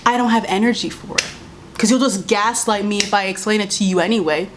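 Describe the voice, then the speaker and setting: A young adult woman vlogs impassioned commentary to camera, speaking heatedly and emphatically, repeating her points and mockingly mimicking others. Her medium-pitched voice is quick, and there is background noise.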